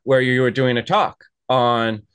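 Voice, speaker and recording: A man's voice: mid-range voice, steady tone, measured pace, fairly bright tone, smooth, no echo. A man hosting an interview, telling stories in a rambling, chatty way. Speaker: host. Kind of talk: casual interview chat.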